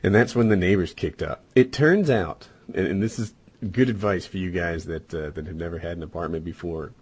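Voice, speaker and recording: A man's voice: low-pitched, darkish tone, husky. A man co-hosting a podcast, telling a long casual story with a rambling manner and many "and, uh" fillers. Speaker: podcast co-host.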